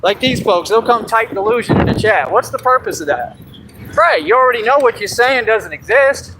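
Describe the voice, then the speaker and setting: A man's voice: very high-pitched, lively intonation, normal speed, background noise. A man from Texas on a phone livestream, ranting in a brash, confrontational and boastful way. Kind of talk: livestream rant.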